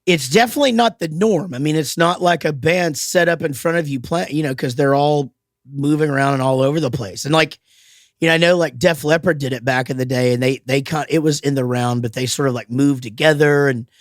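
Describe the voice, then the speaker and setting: A man's voice: fairly high pitch, brisk, no echo, clean studio sound. Rambling man in casual chat. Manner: rambling, many restarts, swears freely. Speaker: podcast host.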